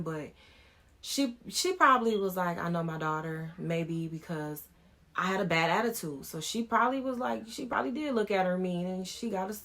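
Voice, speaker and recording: A woman's voice: on the low side, fairly bright tone. A woman in her thirties, a vlogger, telling a personal story in a frank, informal way as she talks things through.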